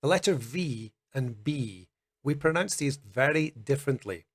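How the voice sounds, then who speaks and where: A man teaching English pronunciation, speaking slowly and carefully and demonstrating each sound. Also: medium pitch, expressive, breathy edge. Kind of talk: pronunciation lesson. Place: Colombia.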